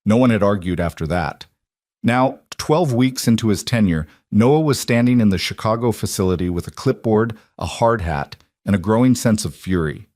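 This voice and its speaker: A man narrating a scripted drama story in an even, measured way. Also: fairly low pitch, no room sound.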